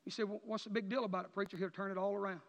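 Male preacher, high-pitched and impassioned, dull recording with long church reverb. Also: steady tone, racing, vocal fry. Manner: impassioned, rising to near-shouts then dropping low. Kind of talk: emotional sermon testimony. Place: church sanctuary.

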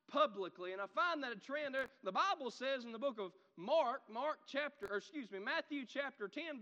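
A man preaching a sermon, animated, swinging from loud shouts to quiet asides. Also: extremely high pitch, big-room sound, lo-fi sound.

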